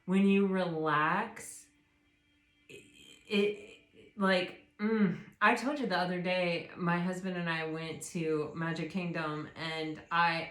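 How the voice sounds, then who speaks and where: A woman's voice: low-pitched, fairly bright tone. Rambling woman in a roomy space. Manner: rambling, many fillers and restarts. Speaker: tarot reader. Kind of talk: casual spiritual chat. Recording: roomy echo.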